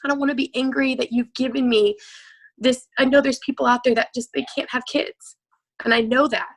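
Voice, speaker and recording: 30s mom getting coached, raw and emotional, stumbling over her words, voice sits kinda high. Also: fairly even intonation, low-quality recording. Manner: raw and emotional, halting, full of restarts. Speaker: coaching client. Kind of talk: emotional live coaching session.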